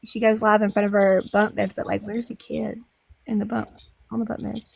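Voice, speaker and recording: A woman's voice: medium pitch, little pitch movement, moderate pace, vocal fry, a little mellow, slightly rough, no room sound. A woman joins a livestream chat, talking plainly and with a tough, profane edge. Her voice sounds dry and close to the mic. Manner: profane, confrontational. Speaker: livestream guest.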